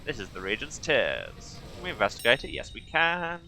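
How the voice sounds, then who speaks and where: A man streaming a video game who jokes, exclaims often, and reads the game's story text aloud in a slower, softer voice. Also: medium pitch, huge pitch swings, creaky, poor audio. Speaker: let's play streamer. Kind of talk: casual game commentary with text read aloud.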